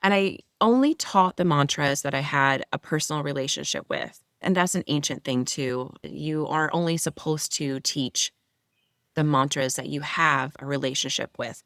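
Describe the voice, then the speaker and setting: A woman's voice: low voice, expressive, normal speed, a bit bright, no echo, studio quality. A woman yoga teacher and mentor, a guest in an interview, explaining her practice in an enthusiastic, flowing way. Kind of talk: interview conversation.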